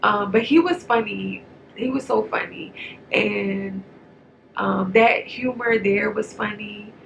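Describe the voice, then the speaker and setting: A woman's voice: mid-range voice, slow pace, gravelly, dull audio, slight background noise. A woman giving a casual, rambling movie review straight to camera. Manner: chatty, rambling, animated.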